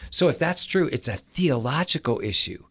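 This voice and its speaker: A man's voice: medium pitch, sing-song, moderate pace, fairly bright tone, slightly rough. A man, a scholar on a podcast, explaining casually with chuckles and frequent restarts. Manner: chuckling, self-interrupting with restarts. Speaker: Old Testament scholar.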